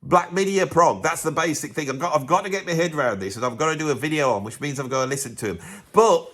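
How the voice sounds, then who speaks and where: A man talks through albums in a casual, opinionated review. He is blunt and animated, often restarting his sentences. His pitch moves a lot, dropping low and then jumping up when something excites him. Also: quick pace. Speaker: music reviewer and drummer.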